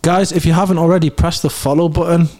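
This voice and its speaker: A man co-hosting a podcast, making laid-back, measured comments in casual banter. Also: a little high, flat delivery, a little mellow. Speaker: podcast co-host.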